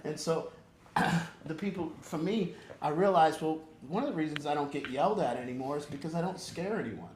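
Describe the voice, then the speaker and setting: Earnest man counselor, somewhat high-pitched, emphatic and rambling in an informal group talk, recorded in a reverberant room. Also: normal speed, a little hiss or hum. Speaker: recovery program counselor.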